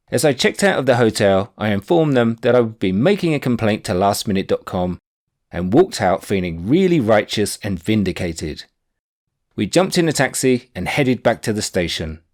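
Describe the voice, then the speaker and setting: A man reading his own book aloud, telling a personal anecdote in a wry, animated way. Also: medium pitch. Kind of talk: audiobook narration of a personal anecdote.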